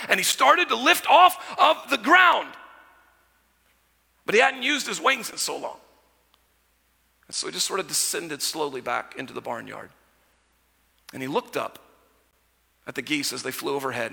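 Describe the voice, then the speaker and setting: A male pastor delivers a sermon in a gravelly, slightly husky voice that stays bright and forceful. He keeps it conversational, swinging from loud storytelling to hushed asides. His voice rings through a church sanctuary with a long reverb. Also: fairly high pitch.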